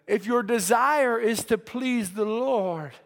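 A man's voice: extremely high pitch, slow, vocal fry, big-room sound. A man preaching a sermon to young people, earnest, often repeating words as he builds a point. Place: church.

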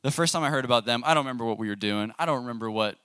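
A man's voice: mid-range voice, racing, a bit bright, clear, resonant tone, dry recording, clean studio sound. A young adult man giving a conversational sermon as a youth pastor, casually asking the audience questions. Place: church youth service room.

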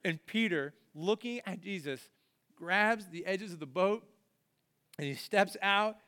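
A man's voice: a little high, a bit bright, clean tone. A man preaching a conversational sermon to a church congregation, telling the story casually and acting out the people in it. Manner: casual storytelling, acts out voices of the people he describes. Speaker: pastor. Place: church service before a congregation. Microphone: body-worn microphone.

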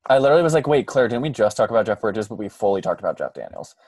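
A man's voice: on the low side, big pitch swings, very fast, darkish tone, dry recording. A man hosting a podcast in casual chat, gushing and full of fillers. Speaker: podcast host.

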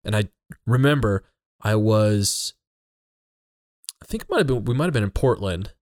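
A man's voice: on the low side, moderate pace, dry recording, studio quality. A man hosting a podcast, chatting casually and acting out the lines in his stories. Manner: animated storyteller, acts out quotes. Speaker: podcast host. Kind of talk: casual chat.

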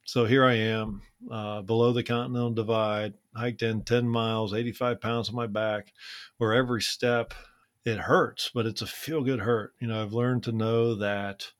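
A man co-hosting a podcast, casually telling a personal story in a relaxed, conversational way, with frequent "man" and "uh" fillers. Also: fairly low pitch, moderate pace, no echo, studio quality. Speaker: podcast co-host.

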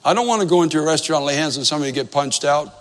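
A man's voice: fairly high pitch, racing, big-room sound. A male pastor in his fifties telling a story in a sermon, conversational and self-deprecating, repeating phrases for emphasis.

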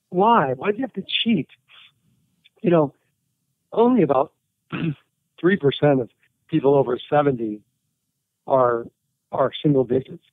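A man, a writer and interview guest, telling animated anecdotes and quoting people as he goes. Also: fairly high pitch, no room sound. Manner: animated anecdotes with quoted voices and laughter. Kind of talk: storytelling interview. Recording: tinny phone-like line.

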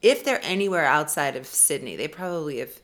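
A woman's voice: low voice, expressive, a little fast, a bit bright. A young woman co-hosting a podcast, chatting casually in a playful, joking way with the odd swear word. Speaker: podcast co-host. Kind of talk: casual chat.

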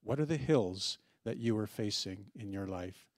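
A middle-aged man preaching a sermon as pastor, telling stories in a conversational way with gentle humor. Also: lowish voice, expressive, moderate pace, no echo, clean studio sound.

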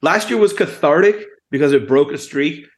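A young man, a podcast co-host, breaking down hockey stats in quick, emphatic casual chat. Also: fairly high pitch, lively intonation.

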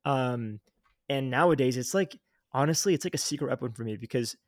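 A young man talks in a mid-range voice, earnest and coaching, his sentences full of "like" and quick restarts. He speaks into a close podcast mic in a dry, deadened room. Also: medium pitch, dry recording. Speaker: podcast guest, health coach. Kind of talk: casual instructive interview talk.

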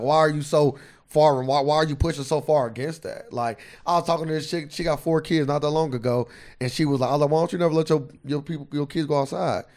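Man, podcast co-host, gravelly, high-ish voice, heated casual ranting. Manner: animated ranting, swears freely, voice jumps up when heated.

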